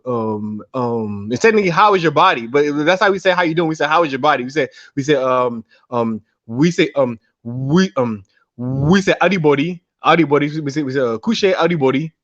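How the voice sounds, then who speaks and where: A man from Sierra Leone, a livestream guest, talking in a halting way with many restarts as he corrects pronunciation. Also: medium pitch, expressive, fairly bright tone, no echo. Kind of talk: casual call-in chat. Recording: muffled call audio.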